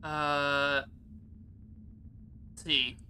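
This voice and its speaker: A young American man giving casual, rambling gameplay commentary, excitable and swearing freely. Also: fairly high pitch, extremely slow, a little hiss or hum, poor audio. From United States. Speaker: let's play YouTuber.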